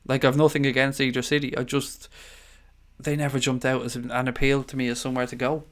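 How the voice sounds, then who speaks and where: An Irish man hosting a late-night live stream, rambling easily through viewer comments. His voice is smooth and clear, pitched at an everyday middle, with a tired edge. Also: flat delivery, fast. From Ireland. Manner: chatty, rambling, calls viewers mate. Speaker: livestream host. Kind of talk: casual live stream chat reading comments.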